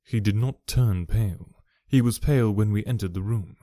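A man voicing a calm, shrewd male detective in an audiobook, low and deliberate. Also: no echo, clean studio sound, lightly acted. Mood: measured. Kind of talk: audiobook character voice.

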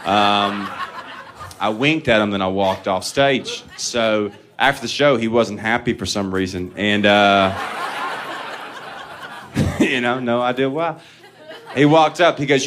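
A man's voice: fairly low pitch, unhurried, pauses often, a bit bright. A man doing a stand-up comedy set, telling profane, self-deprecating stories and chuckling at his own lines.

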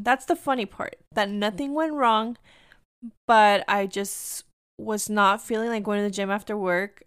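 A woman's voice: mid-range voice, smooth, no echo, studio quality. A woman hosting her own podcast, telling a personal story in a candid, rambling, confessional way, slipping into Spanish phrases now and then. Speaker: podcast host.

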